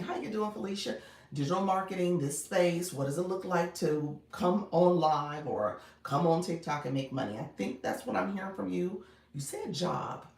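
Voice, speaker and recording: A woman's voice: on the low side, vocal fry. A woman live-streaming as a coach, chatting casually and encouragingly, laughing often and calling viewers "friend.". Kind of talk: casual livestream chat, greeting viewers and reading comments. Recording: echoey room, voice a bit far from the mic.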